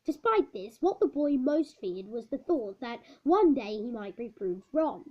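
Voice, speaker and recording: A woman's voice: fairly high pitch, big pitch swings, a little slow. A woman reading a children's book aloud, stumbling over words and correcting herself. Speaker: storybook reader. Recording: dull lo-fi recording.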